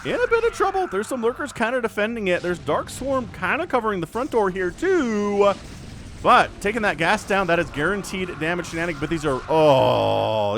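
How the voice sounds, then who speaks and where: Male solo esports caster, animated swings of pitch, over soft background music. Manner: animated, excitable, jokey asides. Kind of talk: solo game commentary.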